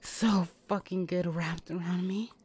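A woman in a whispered role-play, teasing and giving commands between breathy whispers and sighs. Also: on the low side, steady tone, unhurried, a little mellow. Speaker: audio role-play performer.

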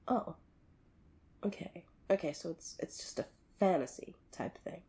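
A woman speaking to the listener as his girlfriend in an audio role-play. She talks in an unhurried, expressive way, swinging between loud and hushed. Her voice has a gravelly vocal fry and a husky edge. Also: low-pitched. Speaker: girlfriend character addressing the listener.

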